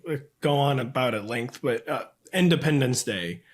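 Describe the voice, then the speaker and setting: A man's voice: medium pitch, expressive, moderate pace. A man in his thirties talking as a podcast guest, rambling with lots of fillers and frequent laughter. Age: 30s. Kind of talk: casual chat.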